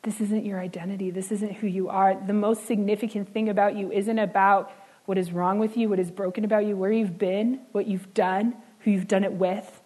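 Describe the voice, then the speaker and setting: A woman preaching a sermon in an earnest way, slowing down and dropping soft on key words. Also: mid-range voice, flat delivery, rough recording.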